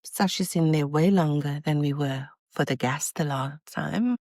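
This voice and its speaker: A woman in her thirties, a podcast host and mother, retelling a hard hospital day in a casual, animated and exasperated way. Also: sits low, unhurried, dry recording. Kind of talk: casual storytelling.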